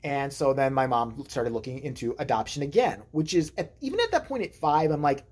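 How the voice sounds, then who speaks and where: A woman with a low, husky voice rambles through family stories in a loose monologue. She swears freely and keeps the jokes dark. Her pitch swings widely as she talks. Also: animated, a little fast. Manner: rambling, profane, darkly joking. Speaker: vlogger. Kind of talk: casual storytelling monologue.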